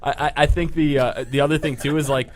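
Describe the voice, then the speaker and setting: A man's voice: a little high, fairly even intonation, quick pace, a little hiss or hum. A man on a casual podcast, hesitant and stumbling as he starts his thoughts. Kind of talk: casual group chat.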